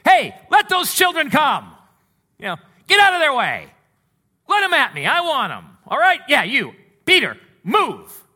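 A man preacher voicing an exasperated, impatient man who barks orders loudly and brusquely. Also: very high-pitched, wildly swooping pitch, measured pace, voice pushed up, full character voice. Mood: annoyed. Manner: loud, brusque, commanding.

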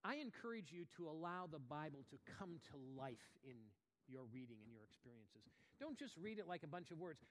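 A man preaching a sermon as pastor, talking conversationally with restarts and asides, then rising to emphatic, animated passages. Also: medium pitch, in a large hall. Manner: animated, rises to emphatic bursts.

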